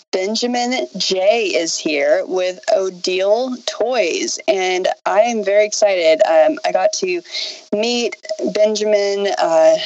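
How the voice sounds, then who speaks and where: A woman's voice: mid-range voice, darkish tone. A woman hosting an interview in an eager, upbeat way who laughs easily. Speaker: podcast host. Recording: dull lo-fi sound.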